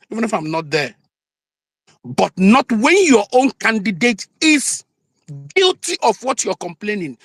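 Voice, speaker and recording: A man's voice: very high voice, fairly bright tone, no room sound. A man with a Nigerian accent in a heated online debate, arguing emphatically and repeating key words for stress. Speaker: debate participant.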